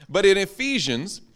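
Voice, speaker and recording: A man's voice: sits high, a bit bright. A man, a preacher, teaching an interactive Bible class to a live audience, joking and quizzing them as he goes.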